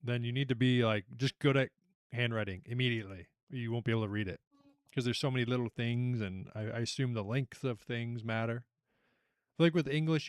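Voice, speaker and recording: A young man hosting a casual online trivia night, chatty and animated as he reads out questions and reacts to the players. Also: mid-range voice, clean tone, dry recording, clean studio sound. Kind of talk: casual livestream quiz hosting.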